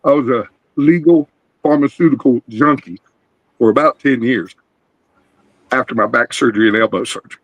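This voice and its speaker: A man's voice: medium pitch, normal speed, long pauses, dry recording, muffled recording. A middle-aged man, earnestly telling a rambling personal testimony on an open video call panel. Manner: rambling, earnest, animated storytelling. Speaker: guest caller.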